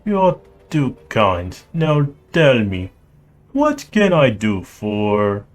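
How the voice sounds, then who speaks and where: A man voicing a pleasant, cultured mechanic with a light Russian accent, polite and measured. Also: medium pitch, huge pitch swings, heavily acted.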